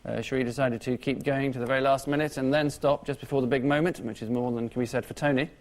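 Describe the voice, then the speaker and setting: A man hosting a TV panel show, reading scripted jokes with dry deadpan timing. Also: mid-range voice, fast. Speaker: guest host. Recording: TV studio with audience laughter and noise.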